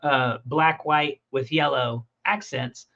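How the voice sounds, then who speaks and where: A man's voice: mid-range voice, slow pace. Chatty man, muffled lo-fi sound. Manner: rambling, animated storytelling with restarts. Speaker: comic creator and podcast host. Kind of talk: casual conversation. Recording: muffled lo-fi audio.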